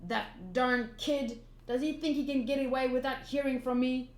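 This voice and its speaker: A cranky old town mayor , voiced by a woman reading a manga, grumbles and scolds gruffly. The pitch sits high and moves a lot. A roomy echo surrounds the voice. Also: fairly even intonation, moderate pace, lightly acted. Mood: grumbling.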